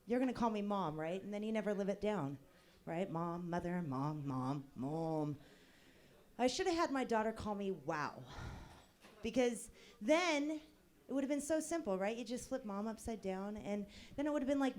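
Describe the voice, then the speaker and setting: A woman in her thirties performing a stand-up comedy set at an open mic, with a wry, deadpan delivery and bursts of laughter. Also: a little high, moderate pace.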